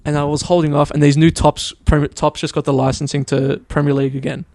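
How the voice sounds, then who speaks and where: A man's voice: fairly high pitch, quick pace, creaky, dry recording. A young Australian man telling stories in casual podcast chat, swearing freely and acting out what people said. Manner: animated storyteller, swears, acts out quotes. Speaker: podcast co-host. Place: studio.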